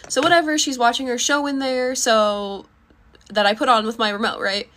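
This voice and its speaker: A woman's voice: a little high, fairly even intonation, moderate pace, noisy background. A young woman casually telling a storytime, chatty, full of fillers and swearing freely.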